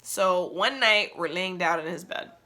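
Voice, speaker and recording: Young woman host with a bright, forward voice; candid, slangy, animated storyteller. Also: on the low side, measured pace. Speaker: podcast host. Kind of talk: casual storytelling podcast.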